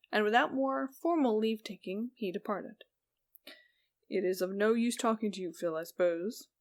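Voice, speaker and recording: In a medium-pitched voice, a woman reads a Victorian ghost story for an audiobook. She stays slow and even and eases down softly on the speech tags.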